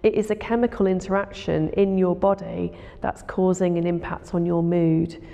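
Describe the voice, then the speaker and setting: Gravelly-voiced woman in a reverberant room. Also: lowish voice, little pitch movement, moderate pace, dark tone. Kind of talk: explanatory interview. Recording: long reverb.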